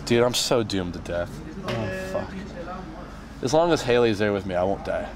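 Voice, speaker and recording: A man's voice: fairly low pitch, lively intonation, fairly quick, over a noisy crowd. Rambling, cursing man telling a road story. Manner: rambling, profane, laughing at his own story. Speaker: band member on tour. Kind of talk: casual storytelling.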